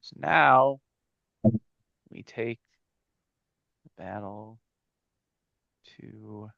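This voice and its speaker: A man running a tabletop game as game master, giving rulings in a measured, matter-of-fact way. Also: mid-range voice, vocal fry, no echo. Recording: dry, slightly dull audio.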